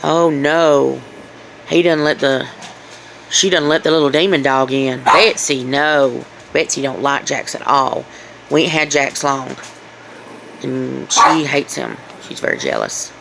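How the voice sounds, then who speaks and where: Indoors at home, a pet owner films a casual video, coaxing her animals in a singsong way. Her rumbling low, gravelly voice is a bit bright and a little slow, captured in a rough recording with slight hiss or hum.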